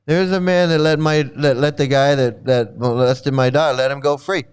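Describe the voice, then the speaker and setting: A man's voice: medium pitch, steady tone, moderate pace, clean tone. A man hosting angry reaction commentary, talking heatedly with a lot of swearing and repeating himself. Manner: heated, profane, repetitive. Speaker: commentary channel host.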